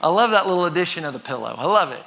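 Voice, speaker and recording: A man preaching a sermon to a congregation, talking conversationally, acting out voices and sometimes shouting for effect. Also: a little high, lively intonation, rapid-fire, vocal fry. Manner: conversational with congregation call-and-response. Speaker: pastor.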